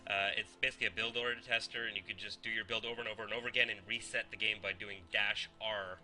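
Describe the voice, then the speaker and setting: A man's voice: on the low side, flat delivery, fast, bright, forceful tone, faint music behind, rough recording. A man casting a live strategy game tournament in a casual, joking way, laughing often. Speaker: esports caster.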